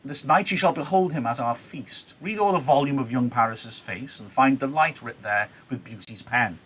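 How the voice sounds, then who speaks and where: A man's voice: mid-range voice, normal speed, fairly bright tone, breathy edge. A male teacher reading the part of a formal, pushy noblewoman mother, declaiming old verse lines.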